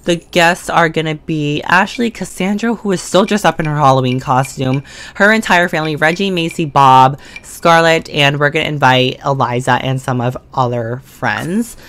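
A woman giving casual, slangy commentary while playing a life-simulation game, chatting to the characters on screen and breaking into excited or mock-scared outbursts. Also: sits low, normal speed. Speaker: gaming video creator. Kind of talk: casual let's-play commentary. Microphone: desk condenser mic.

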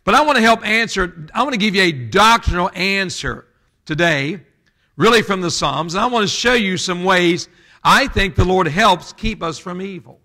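Forceful preacher man. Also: sits high, expressive, moderate pace. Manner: folksy, conversational preaching with asides to the congregation. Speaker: pastor. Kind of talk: sermon.

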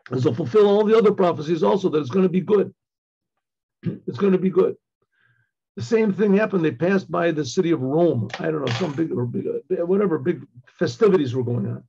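An older man, a rabbi, giving a Torah class, telling a story in a halting way with many restarts and frequent throat clearing. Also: on the high side, expressive, a little mellow, dull audio. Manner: halting, repeats words, clears throat often. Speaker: rabbi teaching.

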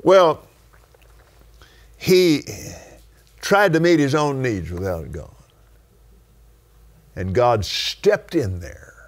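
Give me a slow, emphatic older West Texas man preaching. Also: medium pitch, animated. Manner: slow and emphatic, stretching key words, bursts of exclamation. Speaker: television preacher and host. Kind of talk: preaching in a studio Bible-teaching conversation.

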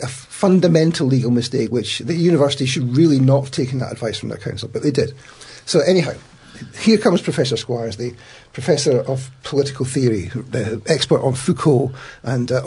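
A middle-aged man, a guest in an interview, recounting events in an animated way with many restarts. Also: medium pitch, brisk, breathy edge. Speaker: guest, academic.

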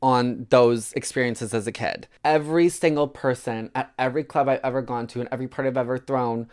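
In an interview, a woman from Wisconsin, United States tells a painful personal story, talking casually with many fillers while fighting back tears. Her bass voice is brisk, darkish, clear and resonant.

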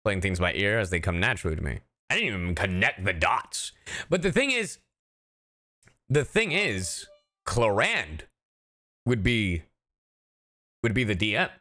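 A man chats casually with his stream audience from a home setup, reacting and joking as he goes. His pitch swings lively up and down, and his tone is bright and forceful. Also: a little slow, pauses often. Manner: animated, chatty, talks to chat and laughs often. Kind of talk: casual livestream chat.

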